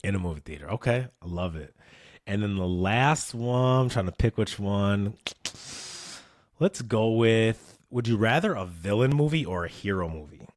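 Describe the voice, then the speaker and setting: Relaxed low-voiced male podcast host. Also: normal speed, dry recording. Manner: relaxed and conversational, laughs easily. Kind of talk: casual interview chat.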